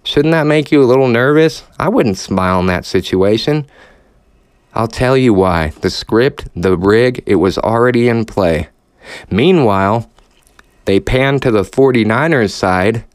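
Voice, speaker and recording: A man's voice: medium pitch, lively intonation, measured pace, smooth, dry recording, clean studio sound. A man hosting a podcast, ranting sarcastically with heavy swearing and audible frustration. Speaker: podcast host. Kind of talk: profane rant.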